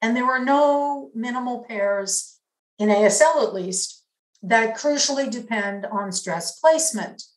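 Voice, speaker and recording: A woman giving an academic linguistics lecture in a measured, explanatory way, pausing to demonstrate examples. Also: on the high side, roomy sound, low-quality recording.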